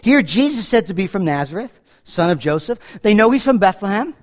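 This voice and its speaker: A man's voice: sits high, very animated, brisk. A middle-aged man from New York preaching a conversational Bible-teaching sermon, acting out the scripture dialogue. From New York, USA. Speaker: pastor.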